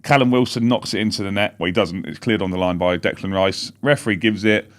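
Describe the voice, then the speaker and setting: A man co-hosting a football fan podcast from home, telling match events in a rapid, rambling way. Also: fairly low pitch. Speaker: podcast co-host. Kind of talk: casual live-stream chat.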